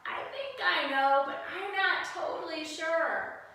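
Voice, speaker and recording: A woman's voice: very high voice, lively intonation, takes it slowly, bright, forceful tone, pitched above the performer's own voice, heavily acted. A woman voicing a curious, unsure cat in a kids' storybook, in a wondering, hesitant way, recorded far from the mic in a very echoey room.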